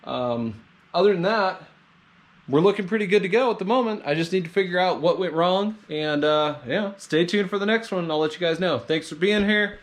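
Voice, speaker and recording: A man's voice: high-pitched, a little fast. A man filming a casual vlog about his car build, talking in a garage beside a running engine. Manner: excited, loud over a running engine. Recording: loud engine noise behind.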